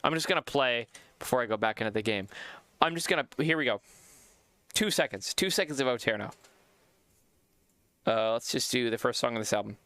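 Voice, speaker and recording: A young man streaming tells a story in casual chat, speaking briskly with frequent pauses in a smooth voice with no echo. He's animated, acting out quotes with big pitch jumps, swearing casually and repeating phrases.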